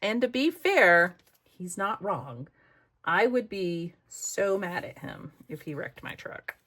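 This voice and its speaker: Chatty middle-aged American woman crafting vlogger, lowish voice, rambling casual storytelling. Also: big pitch swings, takes it slowly, a bit bright. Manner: chatty, rambling, muttering asides to herself.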